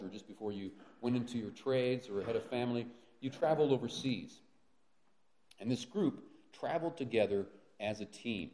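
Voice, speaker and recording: A man's voice: medium pitch, dark tone. Man preaching a sermon in an echoing room. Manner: earnest, rhetorical questions, frequent fillers and restarts. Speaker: pastor. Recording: roomy echo.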